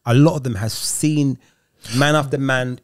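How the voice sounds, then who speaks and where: A man co-hosting a podcast, telling stories in a lively, slangy, casual way. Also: medium pitch, a little slow, smooth. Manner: animated storyteller with street slang. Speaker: podcast co-host, youth worker.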